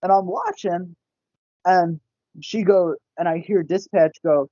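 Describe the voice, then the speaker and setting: A young man, a podcast guest, telling a casual story in an animated, profane way and laughing often. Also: sits high, slow, husky, dry recording. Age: young adult. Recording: dull, lo-fi podcast audio.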